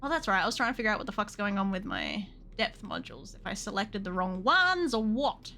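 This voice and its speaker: A woman's voice: medium pitch, big pitch swings, a little fast, vocal fry, pushed and bright, slight background noise. A woman streaming a game, chatting casually in a rambling, giggly way and swearing freely. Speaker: VTuber streamer and model rigger. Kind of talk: casual live-stream chat while gaming.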